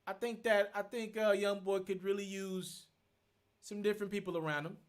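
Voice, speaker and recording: A man's voice: high voice, fairly even intonation, normal speed. A man, hosting a live stream, thinking aloud as he answers viewer questions and repeating his points in an earnest, casual way. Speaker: host.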